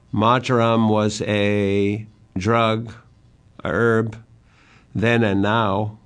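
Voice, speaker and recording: An older man giving a literature lecture, speaking slowly and deliberately and reciting verse lines with emphasis. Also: on the low side.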